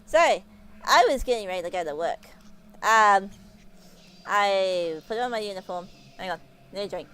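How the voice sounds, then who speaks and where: A woman's voice: mid-range voice, expressive, unhurried, long pauses, fairly bright tone, clear, resonant tone. A woman streamer telling a story to her livestream, giggling often and rambling with many restarts. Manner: giggly, laughs often while telling stories.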